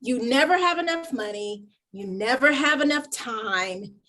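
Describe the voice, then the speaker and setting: A woman actor, a guest in a casual interview, telling stories with lively acted-out quotes. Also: a little high, a little slow. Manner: animated storyteller acting out quoted lines.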